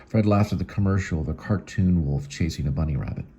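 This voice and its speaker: A man's voice: sits low, lively intonation, fast, dark tone, a little hiss or hum. A man reading his own screenplay aloud, working through the scene directions plainly, with small slips. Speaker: actor and channel host.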